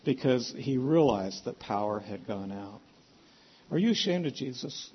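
A man preaches a sermon, telling the story with animation and voicing the characters' lines in sudden emotional bursts that jump up in pitch. His husky voice is unhurried, and the recording has its highs cut off.

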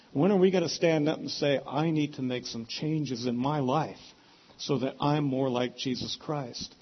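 Husky-voiced man preaching a sermon. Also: lo-fi sound. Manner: animated storytelling, voices the characters with sudden rises in pitch.

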